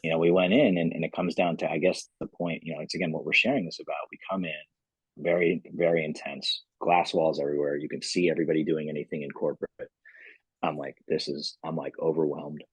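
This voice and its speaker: Super deep voiced guy, kinda husky, rambling thru his founder story w/ lots of you knows, dry close mic. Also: flat delivery, fast, no echo, rough recording. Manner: rambling, many "you know" fillers. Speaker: company founder, podcast guest. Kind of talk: casual storytelling interview.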